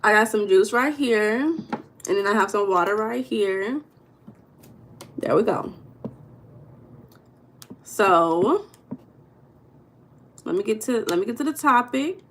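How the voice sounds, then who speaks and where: Casting: young woman, relaxed livestream host, medium pitch, chatty and loose with viewers. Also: takes it slowly, long pauses, slight background noise. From United States. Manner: chatty, greets chat viewers by name. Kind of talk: casual livestream chat.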